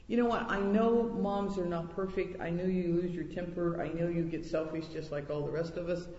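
A woman's voice: lowish voice, fairly even intonation, normal speed, mellow, highs cut off, slight background noise. Earnest woman teaching in an echoey hall. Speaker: women's Bible study teacher. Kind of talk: Bible teaching talk to women.

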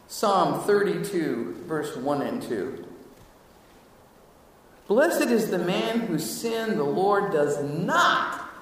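A man preaching a sermon to his congregation, animated, moving between hushed asides and loud exclamations. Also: sits high. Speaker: pastor. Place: church sanctuary. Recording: echoey hall, mic at a distance.

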